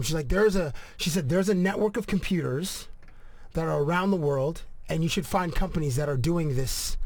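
A slightly high-voiced man hosts a relaxed podcast chat. He asks quick follow-up questions and laughs easily. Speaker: podcast host. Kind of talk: casual chat.

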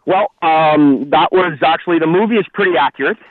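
A man's voice: a little high, brisk, dry recording. Middle-aged hockey guy on a phone line, rambly, lots of ums, dry tinny sound. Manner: rambling, many restarts and fillers. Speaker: hockey historian guest. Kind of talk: phone-in radio interview.

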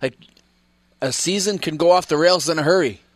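A slightly higher-pitched Canadian man recorded close and dry, with no room around him. He talks sports emphatically and casually, leaning on "like" and "right?" as a former player now on the radio. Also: a little fast, no echo. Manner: emphatic, conversational, frequent "like" and "right?".

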